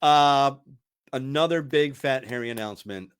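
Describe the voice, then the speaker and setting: This radio host, a middle-aged man, speaks at a normal speed with a medium pitch and a clear, resonant tone. On his casual podcast he's chatty and rambling, often laughing and starting sentences over.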